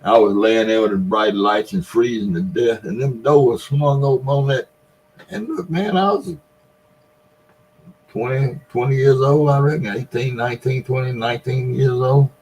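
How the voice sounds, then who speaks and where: A man's voice: medium pitch, moderate pace, darkish tone. A man in his seventies with a Mississippi Delta Southern accent, telling a long story in a folksy way and laughing between lines. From Mississippi Delta, USA. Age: 70s. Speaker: vlogger. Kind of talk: casual storytelling.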